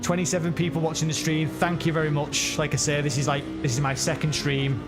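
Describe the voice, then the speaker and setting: A sim racing streamer, a man with a slightly high voice and a flat delivery, talks fairly quickly over loud music. He chats casually and rambles through live commentary on a racing game, correcting himself as he goes.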